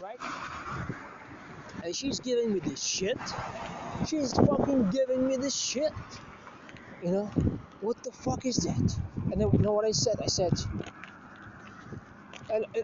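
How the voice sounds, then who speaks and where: A show host with a high-pitched voice tells a crude, profane story in a casual monologue, rambling and restarting often. He speaks at a measured pace with long pauses, over heavy background noise. The lo-fi recording sounds slightly muffled.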